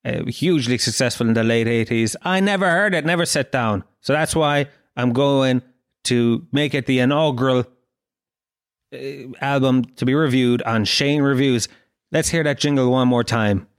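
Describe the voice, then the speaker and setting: A man in his thirties with a Dublin Irish accent, ranting and swearing on his own solo podcast, mock-indignant and animated. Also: mid-range voice, normal speed. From Ireland. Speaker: podcast host. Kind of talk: casual solo podcast rant.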